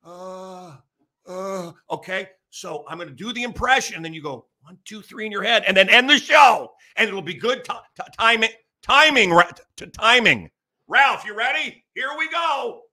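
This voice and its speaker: A man's voice: high voice, animated, moderate pace, sharp tone. A middle-aged American man hosting a show, rambling through a comic monologue and teasing his producer. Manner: joking, teasing the producer, building up a bit. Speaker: radio host.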